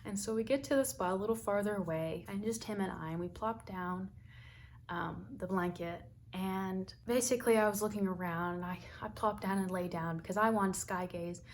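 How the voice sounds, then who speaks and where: A young American woman, talkative and quick to laugh, telling a personal story in a vlog. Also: medium pitch, slight background noise. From United States. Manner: chatty and talkative, laughs often. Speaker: vlogger.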